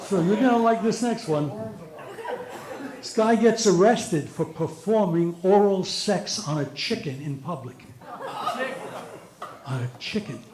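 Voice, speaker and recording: Lively middle-aged man telling stand-up jokes. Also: high-pitched, measured pace, pauses often, a loud crowd. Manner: animated storyteller. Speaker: stand-up comedian. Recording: roomy echo.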